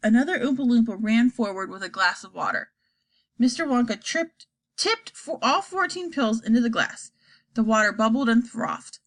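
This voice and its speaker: Brief: woman storybook narrator, lively expressive delivery, fairly high voice. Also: moderate pace. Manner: expressive, animated. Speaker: audiobook narrator. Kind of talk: storybook reading aloud.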